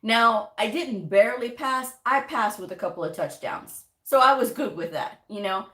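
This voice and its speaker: Woman vlogging, casual motivational chat, animated storyteller, roomy echo. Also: fairly high pitch, normal speed. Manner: chatty, animated storytelling with laughs and quoted asides. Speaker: medical coding vlogger. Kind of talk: casual motivational talk to camera. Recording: echoey room.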